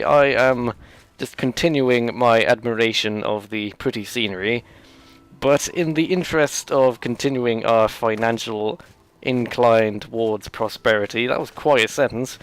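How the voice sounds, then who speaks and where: Rambling, sarcastic male let's play host. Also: mid-range voice. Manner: rambling, sarcastic, jokey asides. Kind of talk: gameplay commentary.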